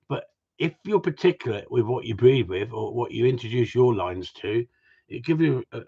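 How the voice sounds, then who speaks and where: Man, husky low voice, blunt and repetitive trainer chat, lo-fi sound. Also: a little mellow. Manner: blunt, opinionated, repeats himself. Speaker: gundog trainer. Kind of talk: casual livestream chat.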